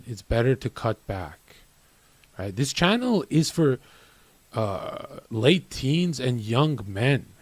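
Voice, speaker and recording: A man's voice: mid-range voice, darkish tone, no echo. A man giving a blunt, profane rant as a streamer, often ending lines with "right?". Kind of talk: brash motivational rant.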